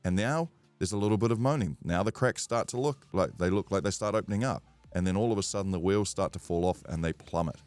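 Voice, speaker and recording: A man's voice: low-pitched, fast, hardly any pauses, no echo, faint music behind. A man with a New Zealand accent hosting a casual sports podcast and putting the questions to his co-hosts. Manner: lively, asks the questions. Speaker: podcast host.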